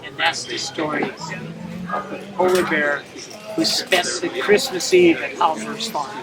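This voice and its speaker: A man telling a folk tale to an audience in an animated way, acting out the parts. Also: on the high side, measured pace, heavy background noise. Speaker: storyteller. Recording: distant mic, loud music behind.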